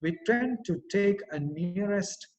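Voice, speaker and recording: A man's voice: sits high, animated, takes it slowly, low-quality recording. A man whose first language is Telugu, speaking English with an Indian accent as a webinar speaker, explaining pronunciation with many fillers and self-corrections. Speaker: guest speaker. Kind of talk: online webinar talk. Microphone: home internet call mic.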